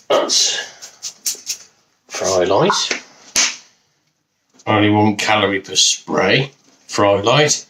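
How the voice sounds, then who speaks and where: There's a little hiss or hum behind this man's medium-pitched voice as he casually demonstrates a recipe at home. He comes from Wolverhampton, has a West Midlands accent, jokes and rambles, swears now and then, and sounds off-mic in an echoey kitchen.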